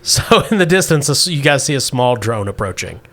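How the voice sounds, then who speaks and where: A man's voice: medium pitch, sing-song, fairly quick, fairly bright tone, slight background noise. A man running a tabletop role-playing game as game master, narrating playfully and laughing often.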